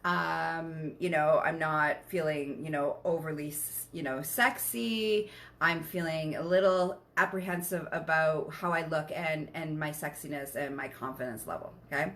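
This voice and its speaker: A woman sexual wellness coach talking casually and candidly as a podcast guest, animated and swearing freely. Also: deep voice, unhurried. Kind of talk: casual explanatory talk.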